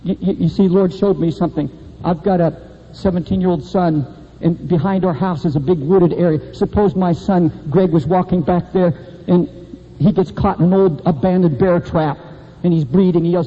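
A middle-aged man preaching a sermon with impassioned delivery that swings between high and low emphasis. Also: normal speed, husky. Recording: dull lo-fi recording in a reverberant hall.

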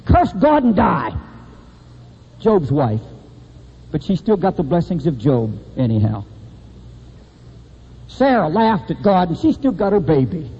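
A middle-aged man preaching a sermon with impassioned delivery that swings between high and low emphasis. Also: sing-song, measured pace, pauses often, dark tone, breathy edge. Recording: dull lo-fi recording in a reverberant hall.

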